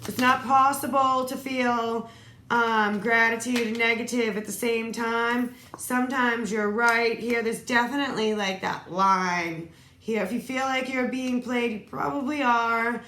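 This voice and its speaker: A woman's voice: on the high side, fairly even intonation, measured pace, a bit bright. Woman, tarot reader, reads card phrases aloud, casual asides, roomy echo, faint hiss. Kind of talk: solo tarot reading. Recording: echoey room, faint noise.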